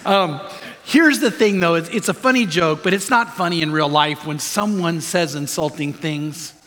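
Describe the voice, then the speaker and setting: A man's voice: a little high, moderate pace, bright, forceful tone, slight background noise. A man preaching a sermon as pastor, telling a story with lots of fillers and restarts. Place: church sanctuary. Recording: reverberant hall.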